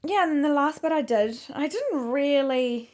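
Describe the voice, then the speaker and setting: A woman's voice: high-pitched, expressive, moderate pace. A woman, rambling and correcting herself in casual chat about her video work. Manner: chatty, rambling, self-correcting. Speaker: video maker.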